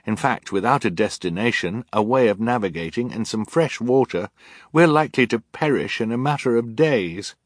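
A man's voice: lowish voice, lively intonation, moderate pace, hardly any pauses, fairly bright tone, breathy edge, dry recording, studio quality. A man voicing an earnest teenage girl. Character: determined resourceful teenage girl. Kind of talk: audiobook character voice.

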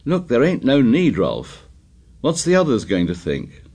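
A man voicing an anxious, stubborn schoolboy who speaks in a shrill, insistent, pleading way. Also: huge pitch swings, unhurried, darkish tone, husky, exaggerated voice.

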